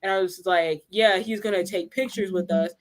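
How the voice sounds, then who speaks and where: A woman hosting a relaxed storytime conversation with guests. She recounts a fan event and jumps her voice up when quoting people. Her pitch sits mid-range for a woman. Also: moderate pace. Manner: animated, acts out quotes in a raised voice. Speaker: host. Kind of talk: casual storytelling chat.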